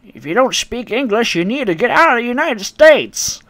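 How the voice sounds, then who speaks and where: A man putting on the voice of a cranky elderly woman who scolds in a shrill, ranting way. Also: very animated, normal speed, a bit bright, no echo, exaggerated voice.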